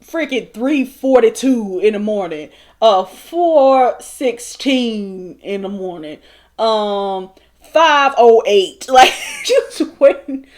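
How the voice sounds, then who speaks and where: A woman's voice: on the high side, expressive, takes it slowly. A woman in her thirties telling a storytime while doing her makeup, chatty and laughing often. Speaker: vlogger.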